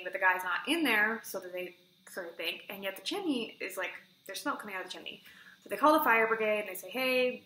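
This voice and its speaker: Chatty woman in an echoey room. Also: medium pitch. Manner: chatty, fillers of "like", excitable retelling. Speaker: book reviewer. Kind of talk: casual vlog book review. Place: room at home with a bookshelf.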